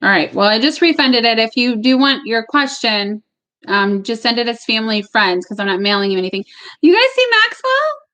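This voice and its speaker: A woman's voice: fairly high pitch, a little fast, bright, forceful tone. A woman giving live-stream tarot readings at home, chatty and casual, sometimes emotional, with the odd swear word. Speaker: tarot reader. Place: home with barking dogs.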